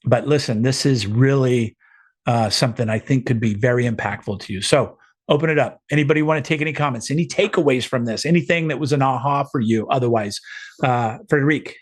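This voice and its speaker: A man's voice: medium pitch, a little fast. A middle-aged man leading a group video call, giving an earnest, encouraging motivational talk with frequent restarts.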